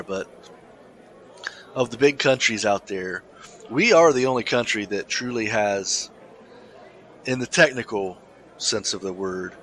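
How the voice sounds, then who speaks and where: A man co-hosting a casual podcast, talking in halting starts and restarts and reading a news story aloud. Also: on the low side, a bit bright. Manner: halting, many restarts, laughs easily. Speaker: podcast co-host.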